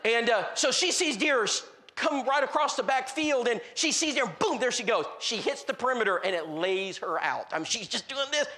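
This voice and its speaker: A man's voice: very high-pitched, normal speed. A man preaching a sermon and telling stories, acting out the people in them, with many restarts and fillers. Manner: animated, acts out the people in his stories; frequent restarts and filler words. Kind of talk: storytelling sermon.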